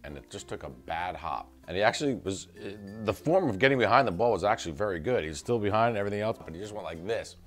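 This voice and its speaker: A man's voice: lowish voice, fast, hardly any pauses, soft background music. A middle-aged man telling a casual family anecdote, acting out quotes and laughing as he goes. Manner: animated storyteller who acts out quotes and laughs. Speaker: son telling a family story.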